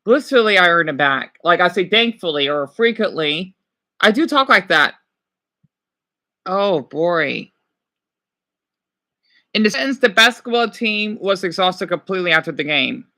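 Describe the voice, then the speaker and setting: An excitable, animated man chats on a stream, reading quiz questions aloud in a bright, tense voice whose pitch swings widely from line to line. He breaks in with quick exclamations and replies to his chat, keeping it casual and reactive.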